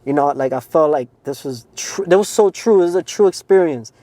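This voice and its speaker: On a podcast he co-hosts, a man with a fairly high, mellow, expressive voice briskly relates his faith testimony. There's no room sound, and his earnest, casual telling is full of "like" and "man."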